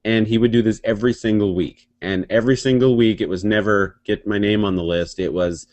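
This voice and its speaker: A man telling stories in a casual, profane, animated chat, laughing often. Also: on the low side, fairly quick, hardly any pauses. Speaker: podcast co-host.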